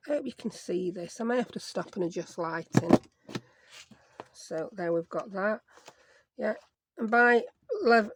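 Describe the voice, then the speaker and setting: A woman, chatting casually through a craft tutorial, talking to herself as she works and joking at her own expense. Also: mid-range voice. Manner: chatty, self-mocking, talks to herself while working. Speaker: crafting YouTuber.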